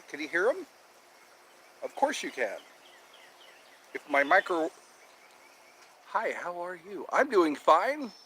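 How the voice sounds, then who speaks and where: Out in nature with birds chirping, a man cheerfully hosts a casual live stream, chatting and repeating himself as he greets viewers. His high voice sounds pushed and bright, with slight background noise.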